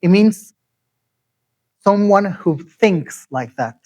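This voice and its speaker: A man giving an interactive lecture, asking the audience questions and repeating key phrases slowly. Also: high voice, animated, warm tone, low-quality recording.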